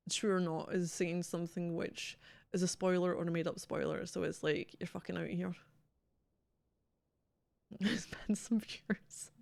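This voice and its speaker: A woman's voice: lowish voice, creaky, darkish tone, no room sound. A woman streaming a video game, chatting bluntly and casually with plenty of swearing. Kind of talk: casual livestream commentary.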